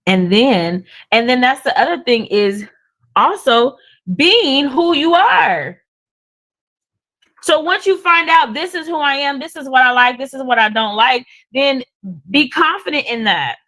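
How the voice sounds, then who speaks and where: A woman co-hosting a casual faith-based talk show, speaking, naturally loud and animated, laughing easily. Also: high-pitched, normal speed, poor audio. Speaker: podcast co-host.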